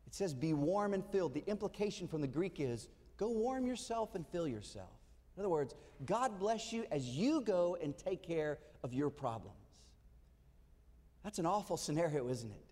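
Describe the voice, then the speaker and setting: A man's voice: a little high, sing-song, normal speed, dark tone, big-room sound. A male pastor giving a conversational sermon, asking his listeners rhetorical questions.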